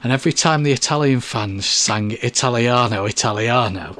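A man co-hosting a live stream, telling a story in a relaxed, unhurried way with dry asides. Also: mid-range voice. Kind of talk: casual chat, telling anecdotes.

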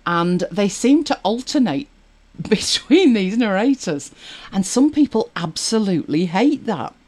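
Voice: medium pitch, sing-song, a little slow, darkish tone. A podcast co-host chatting casually, rambling along with many fillers and restarts. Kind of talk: casual chat about audiobooks.

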